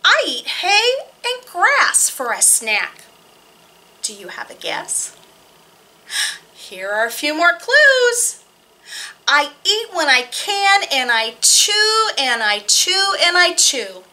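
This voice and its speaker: Woman, children's librarian, storytime reading, high voice, very lively pitch, unhurried pace. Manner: animated, exaggerated sing-song delivery. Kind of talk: storytime reading and singing for kids.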